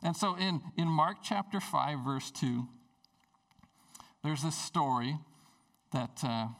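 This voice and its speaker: Gravelly man preaching a lively sermon. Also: a little high, distant mic. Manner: conversational, animated storytelling preaching. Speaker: pastor. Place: church service.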